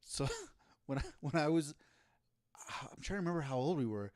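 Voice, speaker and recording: A man's voice: on the high side, expressive, moderate pace, a little mellow. A man co-hosting a casual podcast, telling a long story with many restarts and laughs. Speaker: podcast co-host. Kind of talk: casual chat.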